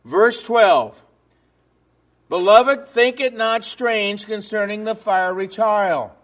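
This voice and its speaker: A man with a strikingly high voice preaches a sermon to a congregation. He talks with emphasis and keeps putting rhetorical questions to the room. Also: slow pace, fairly bright tone.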